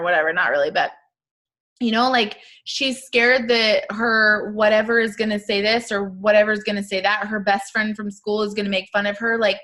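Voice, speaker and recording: A woman talks to her sales team in a loose, chatty live-stream pep talk. She fills her sentences with "like" and "you know" and breaks into little asides. Her voice sits at an ordinary middle pitch and turns emphatic whenever she pushes a point. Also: moderate pace, fairly bright tone. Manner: casual, chatty, lots of fillers and asides; upbeat and emphatic.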